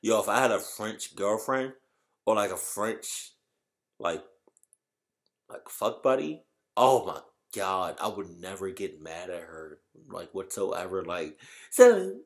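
A man in a casual vlog, reacting with loud exclamations and slangy chatter while trying out a translation app. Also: sits low, takes it slowly. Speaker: YouTuber.

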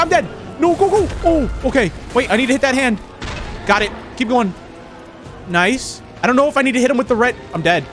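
A young man giving rambling, excitable commentary while playing a horror game. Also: high voice. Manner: rambling, excitable, many fillers. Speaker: gaming channel host. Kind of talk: let's play commentary.

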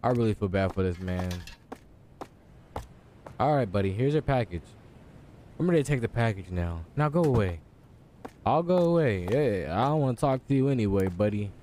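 A man's voice: on the low side, expressive, normal speed, pauses often, mellow, slight background noise. A young man giving jokey let's-play commentary on a horror game, reacting aloud and talking back to the characters. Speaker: gaming YouTuber.

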